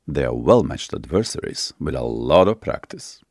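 A man narrating a sultry short story in a slow, intimate storytelling manner with dramatic pauses. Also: a bass voice, sing-song, a little mellow, slightly rough, no echo, clean studio sound. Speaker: author and narrator.

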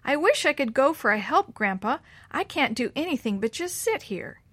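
A woman's voice: high voice, very animated, moderate pace, fairly bright tone, breathy edge, no echo, pitched above the performer's own voice, heavily acted. A woman voicing an anxious young boy in a storybook read-aloud, speaking eagerly and worriedly in a raised voice.

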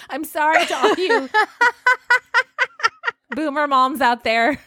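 A woman in her forties co-hosting a podcast, telling a story in an animated way and laughing often. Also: high-pitched, very slow, dry recording, clean studio sound. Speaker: podcast co-host. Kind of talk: casual chat.

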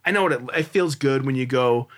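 A man in his forties talks as a podcast guest, with a bright, clear-edged tone. He tells his story earnestly and loosely. He keeps restarting sentences and leans on little fillers. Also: mid-range voice, brisk. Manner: earnest, rambling, many restarts and "like"s. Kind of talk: casual storytelling interview.

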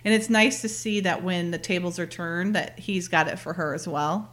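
A woman's voice: lowish voice, steady tone, normal speed, a bit bright. A woman in casual talk, retelling a TV episode scene by scene, laughing often and quoting the characters as she goes. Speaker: podcast co-host.

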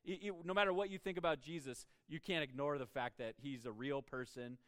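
A man's voice: mid-range voice, a little fast, fairly bright tone, no echo, studio quality. A man preaching a sermon as a pastor, emphatic and prone to stumbling over repeated words as he starts each point.

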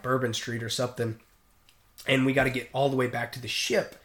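A man's voice: medium pitch, brisk. A middle-aged man and mariner telling sea stories in casual podcast chat, acting out the voices of the people in them. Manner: animated, acts out voices in anecdotes. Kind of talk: casual storytelling.

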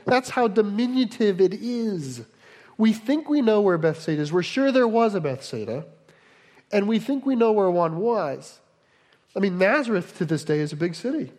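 High-voiced male pastor in a reverberant hall. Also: a little mellow. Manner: conversational teaching with frequent asides. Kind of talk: sermon. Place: church hall in Delaware.

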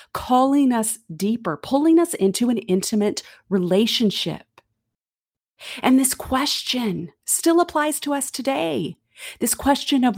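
A woman's voice: sits high, no room sound, studio quality. A middle-aged woman giving a conversational, earnest Bible teaching with casual asides.

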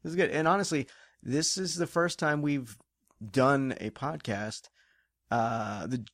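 A man's voice: mid-range voice, unhurried, fairly bright tone, no echo, studio quality. A man co-hosting a podcast from a living room, chatting casually and joking. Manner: joking, laughs often, slips into movie quotes. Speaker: podcast co-host. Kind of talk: casual chat. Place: living room by a coffee table. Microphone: podcast microphone.

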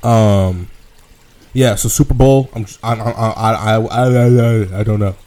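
A man's voice: fairly low pitch, measured pace, a little mellow. A man chatting casually as a podcast co-host, rambling with lots of fillers and swearing. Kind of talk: casual chat.

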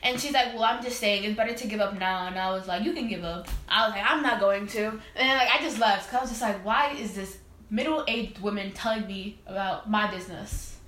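A young woman co-hosting a casual podcast, telling a story in a lively way and acting out the quotes. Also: mid-range voice, brisk, reverberant. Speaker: podcast co-host.

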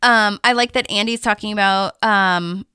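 A woman's voice: normal speed, smooth, no echo. A woman co-hosting a podcast, chatting casually through an episode recap and animatedly acting out the quotes she retells. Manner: animated, acts out quotes with big pitch swings. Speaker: podcast co-host.

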